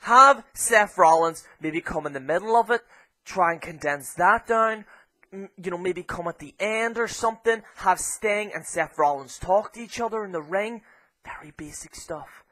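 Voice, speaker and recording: An Irish man reviewing a wrestling show in a heated, foul-mouthed rant that flares into shouting. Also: high voice, expressive, unhurried, long pauses, low-quality recording. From Ireland. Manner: heavy swearing, heated ranting.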